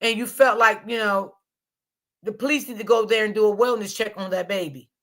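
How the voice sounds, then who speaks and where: A woman's voice: medium pitch, steady tone, brisk, a bit bright. A woman hosting a casual livestream, chatting to her viewers in a repetitive, talkative way. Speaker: livestream host.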